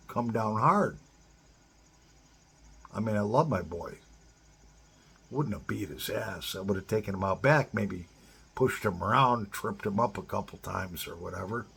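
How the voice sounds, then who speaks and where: A man's voice: lowish voice, gravelly, a bit bright, husky. A middle-aged man giving blunt, profane advice straight to other men in a casual monologue. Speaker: advice-giver to divorced fathers.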